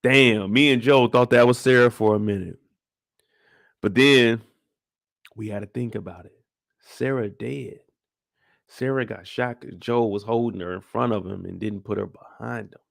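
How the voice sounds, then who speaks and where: A man giving a casual recap of a TV episode in animated, heavily slangy talk, swearing freely. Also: mid-range voice, moderate pace, vocal fry, pauses often. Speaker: show recap youtuber.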